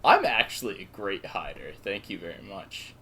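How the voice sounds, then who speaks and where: A man's voice: low-pitched, sing-song, moderate pace, a bit bright. A young man co-hosting a casual comedy podcast, joking around in a playful, mock-announcer way and often stammering and restarting. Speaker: podcast co-host.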